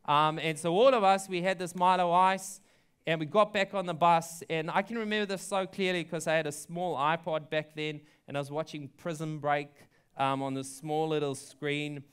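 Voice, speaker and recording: A man's voice: a little high, fairly even intonation, normal speed, a bit bright, clean tone. A young adult man, a pastor, telling a story in a sermon in a chatty way, with many ums and likes. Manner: chatty, frequent ums and likes, laughs at his own story.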